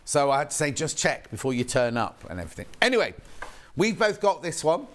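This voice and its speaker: A man presenting on a shopping channel, chatting in a rambling, excitable way while demonstrating a product live. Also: on the high side, a little fast. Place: TV studio.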